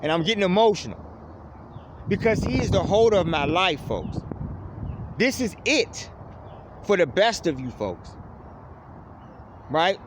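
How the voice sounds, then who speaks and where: Man, fervent preaching monologue, lively rising and falling voice, higher pitch, faint street noise behind. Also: measured pace, pauses often. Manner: fervent, says "folks" after nearly every phrase, voice dropping low on it. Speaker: preacher addressing online viewers. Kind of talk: impassioned spiritual monologue.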